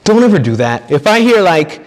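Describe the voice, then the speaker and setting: A man's voice: high voice, sing-song, brisk. Priest, male, chatty retreat sermon with jokes, long hall reverb. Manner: conversational, joking, acts out quoted people. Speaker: priest giving a retreat talk.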